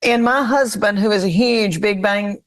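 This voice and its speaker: A woman's voice: medium pitch, normal speed. A woman in her fifties from Tennessee with a Southern twang, telling stories in a rambling, self-deprecating way during an interview. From Tennessee, USA. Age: 50s. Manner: chatty, rambling, self-deprecating, laughs often. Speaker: comedian guest. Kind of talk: casual interview storytelling.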